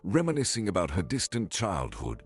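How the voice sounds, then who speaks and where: A man narrates a scripted story in a very deep voice that is a little husky. His pitch moves in a lively way through each sentence. Faint music runs underneath. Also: moderate pace.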